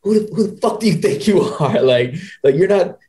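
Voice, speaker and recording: A man voicing an angry male college basketball coach who scornfully yells at a cocky freshman player. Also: sits high, animated, normal speed, voice pushed up. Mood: furious.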